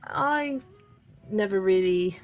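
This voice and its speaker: A young woman from Wiltshire, England, with a light West Country accent hosts a colouring channel, chatting casually on a livestream and reading comments aloud as she colours. Her medium-pitched voice is animated, she laughs often and takes things slowly, and the sound is lo-fi.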